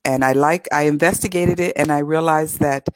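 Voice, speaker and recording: Upbeat Californian woman, low voice. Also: steady tone, normal speed, rough recording. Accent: Californian American. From California, USA. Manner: upbeat, chatty, laughs easily. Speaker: English tutor. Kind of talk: casual interview.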